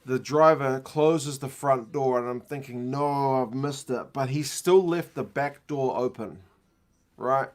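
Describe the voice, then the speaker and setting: A man's voice: mid-range voice, a little slow. Man telling a rambling, self-mocking story. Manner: rambling, self-mocking anecdote with frequent laughs. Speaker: rugby channel host. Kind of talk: casual storytelling during a watch-along.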